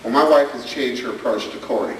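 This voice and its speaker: A man's voice: medium pitch, brisk, slight background noise. A man doing stand-up storytelling about family life, acting out the people in his stories, recorded on a camcorder far off in a large hall. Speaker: stand-up comedian and speaker. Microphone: camcorder from the audience.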